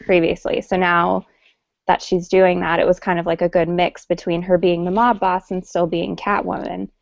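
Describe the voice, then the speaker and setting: A woman with a gravelly, creaky edge talks through her opinions in a loose, hesitant way. The sound is dry and dull, like a lo-fi online call. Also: lowish voice, little pitch movement, moderate pace, no echo. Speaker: panelist. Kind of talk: casual chat. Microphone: video call.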